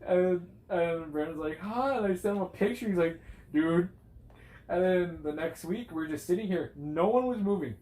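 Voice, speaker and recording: A man's voice: sits high, normal speed, darkish tone. A young man co-hosting a podcast, chatting casually and rambling with lots of restarts. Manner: rambling, stumbles and restarts, mumbles. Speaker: podcast co-host. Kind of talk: casual chat among friends. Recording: roomy room with faint hiss.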